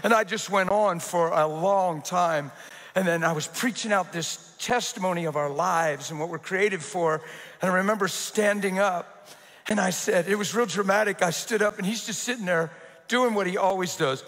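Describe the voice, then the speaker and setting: A man preaching a sermon as pastor, telling a story in an animated way, laughing and acting out the voices of the people in it. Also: high-pitched, moderate pace. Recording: reverberant hall.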